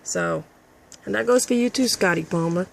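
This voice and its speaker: A woman's voice: lowish voice, normal speed, gravelly, a little hiss or hum. A woman ranting bluntly and heatedly to camera in a video monologue, swearing freely and often restarting her words. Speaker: channel owner.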